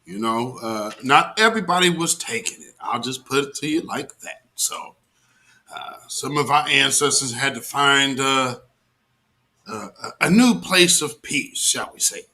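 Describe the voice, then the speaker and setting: A man hosting a live stream, reacting excitedly in casual chat with family roots in the American South. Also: medium pitch, a little slow. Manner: excited, talks back to a played clip.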